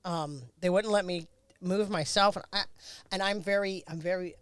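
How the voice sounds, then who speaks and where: A woman's voice: lowish voice, steady tone, normal speed, clear, resonant tone, no room sound. A middle-aged woman, a former race car driver, bluntly recounting a crash in a candid interview, swearing freely.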